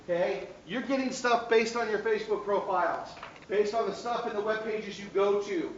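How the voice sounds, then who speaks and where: A man's voice: high-pitched, normal speed. Man, teacher, classroom lecture, keeps checking in with students, distant, faint room hum. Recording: echoey classroom taped from afar, dull.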